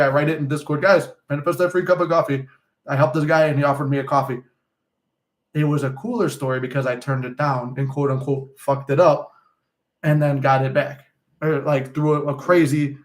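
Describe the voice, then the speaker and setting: Fast-talking man, loose and profane. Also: fairly high pitch. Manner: loose and profane, many fillers and asides. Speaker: manifestation coach. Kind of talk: casual storytelling monologue.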